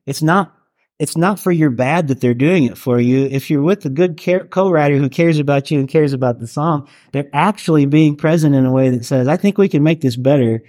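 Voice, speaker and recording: A man's voice: a little high, a little fast, a little mellow, no room sound, studio quality. A middle-aged man, a worship leader, talking earnestly and conversationally to a group, with restarts and asides. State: getting teary. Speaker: worship leader and chaplain teaching a workshop. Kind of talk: talk to a live group.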